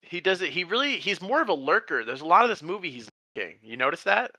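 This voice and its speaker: A man co-hosting a movie podcast, chatting casually and animatedly, jumping up in pitch when he acts out scenes. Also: quick pace, no room sound. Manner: animated, acts out characters with big pitch jumps. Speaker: podcast co-host. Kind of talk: casual movie review chat.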